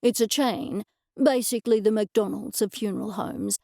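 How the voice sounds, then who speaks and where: A woman voicing a calm, professional male accountant who speaks in a measured way. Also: mid-range voice, gravelly, dry recording, clean studio sound, natural voice. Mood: level. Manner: measured and matter-of-fact.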